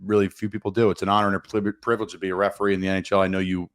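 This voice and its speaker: A man's voice: deep voice, flat delivery, very fast. A man hosting a sports podcast, a former football player, asking eager, rambling questions in casual sports talk.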